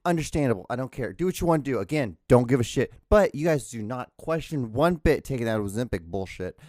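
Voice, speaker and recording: A man from outside the United States hosts his own podcast from home, rambling through a casual solo rant with lots of stammered restarts and swearing. His medium-pitched, darkish voice is animated and fast, captured dry on a podcast microphone at studio quality.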